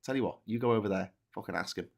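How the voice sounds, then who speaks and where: A man's voice: fairly low pitch, very fast, gravelly, voice pushed down. A man voicing two adult male Liverpool drinkers in a pub, bickering in blunt, sweary banter.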